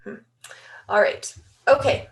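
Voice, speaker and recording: A woman hosting a spiritual online session, speaking gently and meditatively over a video call. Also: takes it slowly. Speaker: session host.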